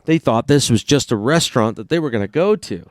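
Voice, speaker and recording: A man's voice: medium pitch, animated, a little fast, no room sound. Profane rambling storyteller man, dry sound. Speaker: podcast co-host. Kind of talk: casual chat.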